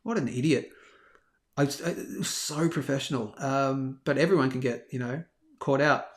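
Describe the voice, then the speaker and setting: A man's voice: mid-range voice, steady tone, moderate pace, background noise. A man hosting a live stream, casually telling a rambling, self-deprecating story. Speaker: host of a daily live bullion show. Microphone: live stream over a phone hotspot.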